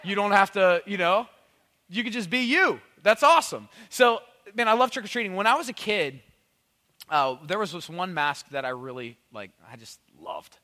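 A man in his thirties telling rambling, animated comic stories to an audience, full of "like" and "you know". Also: fairly high pitch, long reverb tail. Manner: rambling, animated, heavy on "like" and "you know", bursts of loud excitement. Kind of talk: conversational storytelling, comic monologue.

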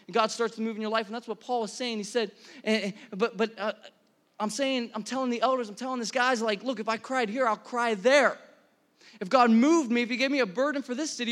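A pastor in his thirties preaching a sermon to a congregation, energetic and conversational, asking the room questions. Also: high voice. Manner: energetic, conversational, many restarts and audience questions. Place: church hall before a congregation.

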